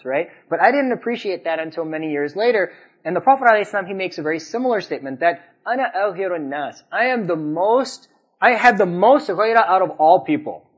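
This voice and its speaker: A man's voice: sits high, breathy edge. A man giving a conversational sermon, telling anecdotes and asking the audience questions. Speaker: Islamic preacher. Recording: dull lo-fi recording.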